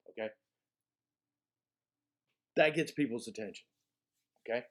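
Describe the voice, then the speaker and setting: A male college speech instructor recording a lecture, his voice sitting slightly higher than average. He talks in a relaxed, conversational way, checking in with "okay?" as he goes. When a point matters, he slows down and repeats the word for emphasis. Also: gravelly. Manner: emphatic, repeats key words for stress.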